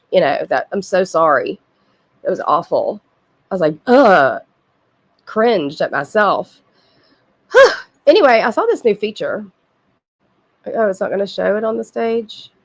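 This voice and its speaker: A woman's voice: medium pitch, lively intonation, unhurried, long pauses. Sniffly, chatty woman streaming. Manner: blunt, profane, chatty with frequent asides. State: sick with a cold, sniffling. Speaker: livestream host. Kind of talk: casual chat with live chat viewers.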